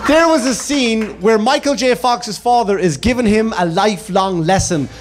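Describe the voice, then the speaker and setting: A man in his thirties from Ireland with an Irish accent, telling jokes in a deadpan stand-up comedy set on a club stage. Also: high-pitched, moderate pace. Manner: deadpan storytelling with punchlines. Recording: live club recording with crowd noise. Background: audience laughter and room noise.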